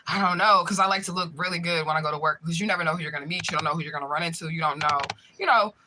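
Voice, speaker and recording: A woman and spiritual reader chatting casually to her viewers, telling stories in an animated, profane way full of fillers. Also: deep voice, rapid-fire, background noise. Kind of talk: casual live chat to viewers.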